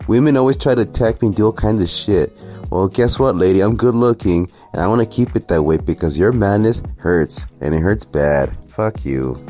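A man's voice: fairly low pitch, lively intonation, moderate pace, mellow, faint music behind. A man ranting sarcastically and profanely through a reaction commentary video. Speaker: commentary vlogger.

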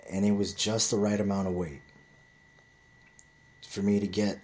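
Casting: deep-voiced man, casual vlogger, swears freely, loose rambling delivery. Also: level tone, normal speed, darkish tone. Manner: rambling storytelling with heavy swearing. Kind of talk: casual monologue to camera.

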